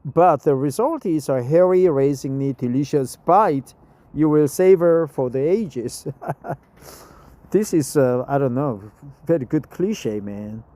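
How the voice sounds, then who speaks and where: Slow-reading Korean-accented man. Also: fairly high pitch, expressive, mellow, no echo. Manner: reads slowly, repeats phrases, self-corrects pronunciation. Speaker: English learner reading aloud. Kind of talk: reading practice with asides.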